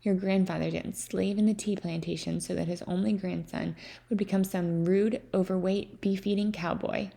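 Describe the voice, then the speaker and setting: A woman's voice: medium pitch, steady tone, moderate pace, vocal fry, warm tone, natural voice. A woman voicing a proud, stern grandmother who scolds her grandson firmly. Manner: scolding, firm warning.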